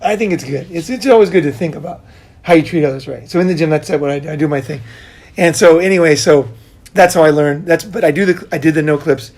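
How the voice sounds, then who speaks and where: A middle-aged man with a somewhat high speaking voice, telling stories in casual conversation. He is animated, laughs often and drops the odd curse word. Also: fast talker. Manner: animated, laughing storyteller who swears casually. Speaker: podcast host.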